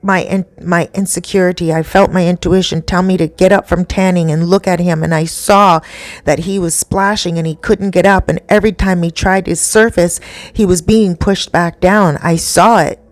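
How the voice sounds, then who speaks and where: A woman's voice: lowish voice, fairly even intonation, normal speed, no room sound, lightly acted. A woman voicing a frightened mother whose son nearly drowned, speaking urgently and insistently.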